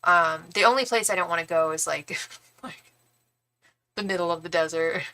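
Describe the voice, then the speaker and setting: A woman's voice: on the low side, moderate pace, bright, forceful tone, poor audio. A young woman reading tarot cards on a live stream, chatting and gushing casually to her viewers. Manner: chatty and gushing, lots of "like" and "girl". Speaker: tarot reader and psychic.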